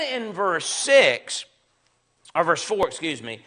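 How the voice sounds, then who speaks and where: A man's voice: on the high side, very animated, slow, bright, forceful tone. A man with a Southern American accent teaching a Bible class in a conversational, emphatic way. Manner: conversational, emphatic, acts out sarcastic quotes. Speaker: preacher.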